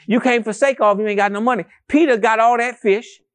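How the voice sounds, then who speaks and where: A male pastor preaching a sermon to a congregation in a church, animated and conversational, with rhetorical questions and calls to the congregation. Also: very high-pitched, quick pace. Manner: addresses the congregation as family, calls for responses.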